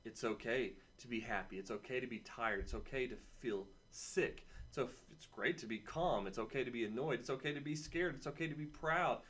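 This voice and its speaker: A man's voice: medium pitch, a little fast, hardly any pauses, a bit bright. A man teaching a weekly video lesson to children, chatting and encouraging, repeating key phrases and adding playful asides. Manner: playful asides and personal stories. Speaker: camp teacher.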